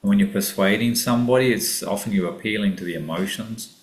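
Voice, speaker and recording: A man's voice: fairly low pitch, quick pace. A man teaching Greek vocabulary and grammar in a casual classroom lesson, thinking aloud with many ums and self-corrections. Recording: echoey room.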